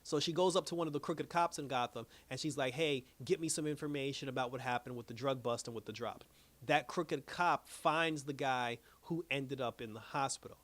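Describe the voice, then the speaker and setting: A man's voice: medium pitch, fairly quick, fairly bright tone. A man giving a casual, rambling plot recap as a TV reviewer, full of fillers and restarts. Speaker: TV series reviewer.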